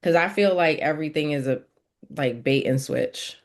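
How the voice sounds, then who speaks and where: A woman's voice: low-pitched, moderate pace. A woman on a discussion panel who speaks frankly and directly.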